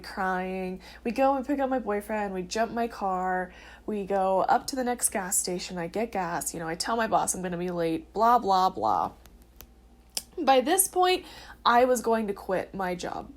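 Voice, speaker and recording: A woman in her early twenties, a vlogger, shares her testimony in a medium-pitched voice with lively intonation at a moderate pace. She tells her personal story casually and earnestly, using frequent filler words.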